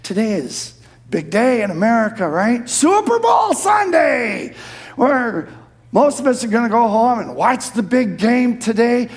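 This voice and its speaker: A man preaching a sermon in a church, impassioned, dropping to a hush and then rising to shouted emphasis. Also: high voice, normal speed. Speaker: pastor.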